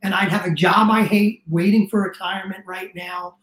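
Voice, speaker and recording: A man's voice: sits high, fairly even intonation, fairly bright tone. Earnest middle-aged man, roomy sound. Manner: earnest, emotional storytelling, rushed restarts. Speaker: guest, business coach. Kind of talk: casual interview chat. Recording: roomy echo.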